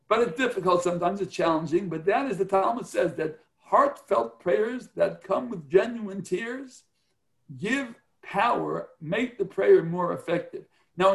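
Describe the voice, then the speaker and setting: A man's voice: sits high, vocal fry. A man teaching a religious class on prayer, earnest and explanatory, often checking in with his listeners.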